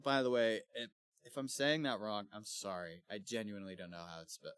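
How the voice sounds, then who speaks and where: A man's voice: on the low side, fairly quick, clean tone, no echo. Guy on a book podcast, chatty retelling, swears a lot, dry close mic. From Missouri, USA. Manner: animated retelling with playful character voices and swearing. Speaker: podcast co-host. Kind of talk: casual book club chat, retelling the story.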